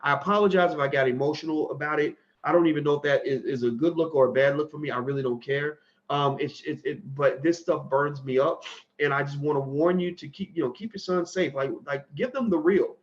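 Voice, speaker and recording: Impassioned man on a lo-fi recording. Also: on the high side. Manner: impassioned, halting with many restarts. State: fighting back tears. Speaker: commentary channel host. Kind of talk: emotional direct-to-camera commentary.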